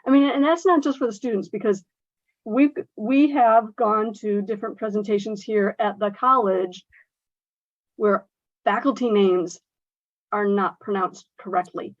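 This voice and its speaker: A woman's voice: mid-range voice, fairly even intonation, unhurried, dry recording, muffled recording. A woman who teaches English as a second language, speaking earnestly and emphatically with many fillers in a workshop discussion. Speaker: ESL instructor.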